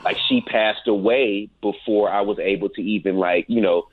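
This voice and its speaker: A laid-back man recounts a story as a guest, peppering his talk with "man." His voice sits fairly low and comes through a tinny, phone-like line with no room sound around it. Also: steady tone, normal speed, no echo. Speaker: guest, paranormal investigator. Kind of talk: casual storytelling interview.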